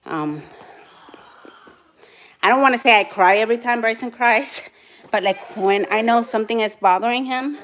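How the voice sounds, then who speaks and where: A woman's voice: fairly high pitch, normal speed, pauses often, a bit bright, slight background noise. A young woman vlogging as a mother of quadruplets, chatting casually and switching to soothing baby talk. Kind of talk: casual vlog chat.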